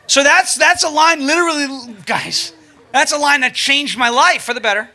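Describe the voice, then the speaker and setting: High, bright, excitable male storyteller. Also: moderate pace. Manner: animated, excitable, laughs while telling. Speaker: comedic speaker. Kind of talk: live comedic storytelling.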